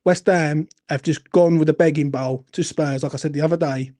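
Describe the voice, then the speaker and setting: Angry high-voiced football fan. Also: male voice, steady tone, moderate pace, warm tone. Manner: angry, emotional, sweary, repetitive. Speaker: fan channel host. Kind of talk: impassioned fan rant.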